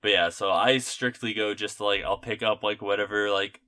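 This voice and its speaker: A man's voice: on the low side, steady tone, moderate pace, sharp tone. A young man chatting on a podcast, telling stories in a rambling way with lots of fillers and casual swearing. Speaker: podcast host. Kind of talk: casual chat.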